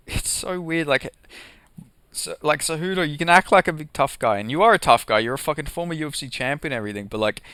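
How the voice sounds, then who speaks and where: A man's voice: on the high side, lively intonation, fairly quick, bright, forceful tone, smooth, no room sound. A young man doing a casual, profanity-heavy rant about MMA, heated and sarcastic, with lots of "like" and "you know". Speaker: MMA commentary vlogger.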